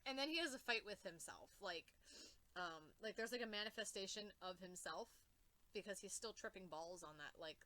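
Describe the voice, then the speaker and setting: A woman's voice: mid-range voice, moderate pace, pushed and bright. A young woman reacting to comics in an emotional rant, exclaiming, swearing and repeating herself. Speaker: comic book reviewer.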